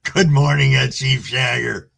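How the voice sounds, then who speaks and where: A man's voice: mid-range voice, steady tone, measured pace, creaky, fairly bright tone, husky. A middle-aged man hosting a casual livestream, greeting viewers by name and reading chat aloud in a laid-back way. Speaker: livestream host.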